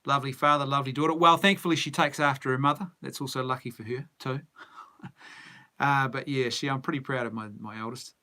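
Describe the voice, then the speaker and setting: A man's voice: medium pitch, fairly even intonation, quick pace, bright, forceful tone. A middle-aged man with a New Zealand accent hosts a casual movie news stream, musing as he answers viewer comments. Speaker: movie news show host. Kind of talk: casual live-stream chat.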